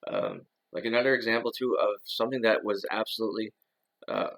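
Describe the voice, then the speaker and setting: Low gravelly dude rambling on his own, lots of uh and you know, keeps restarting sentences. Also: huge pitch swings, brisk, a bit bright, poor audio. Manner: rambling, full of fillers and restarts. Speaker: channel host. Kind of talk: casual monologue.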